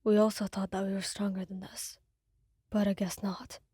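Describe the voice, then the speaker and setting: Woman doing a hot-tempered young man, low growly delivery, mellow tone, dry close audio. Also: flat delivery, moderate pace, husky, dry recording, close to an everyday voice. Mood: strained.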